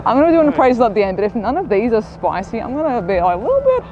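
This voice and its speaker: A young woman, chatting excitedly to camera while walking outdoors in the desert. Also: a little high, racing, highs cut off, a little hiss or hum. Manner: chatty, excitable, self-mocking. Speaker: vlogger. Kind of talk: casual vlog chat. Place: outdoors in the desert at a live event.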